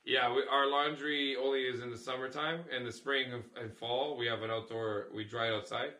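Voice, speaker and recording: A middle-aged man from Canada, a comedian hosting a casual podcast, telling loud swearing stories with put-on voices. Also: medium pitch, fairly even intonation, brisk, reverberant.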